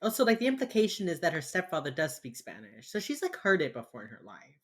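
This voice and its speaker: A woman's voice: sits low, big pitch swings, a little hiss or hum. A woman co-hosting a podcast, recapping a TV episode in rambling casual chat full of fillers. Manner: rambling, filler-heavy, with quick mocking impressions. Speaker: podcast co-host.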